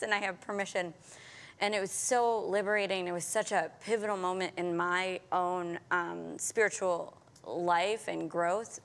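A woman hosting the conversation with a voice on the low side. She speaks earnestly, affirms what her guests say, and laughs easily. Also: fairly even intonation, unhurried. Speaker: host. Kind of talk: conversational faith discussion.

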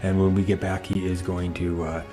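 A man hosting a religious talk show, speaking in a measured, explanatory way with occasional fillers. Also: low voice, flat delivery, music in the background. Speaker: host.

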